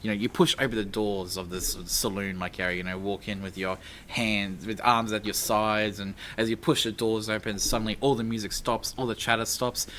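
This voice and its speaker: A man's voice: lowish voice, fairly even intonation, normal speed, fairly bright tone, slight background noise. A man narrating as dungeon master in a casual, chatty way, with many fillers and frequent laughs. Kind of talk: narrating a tabletop game.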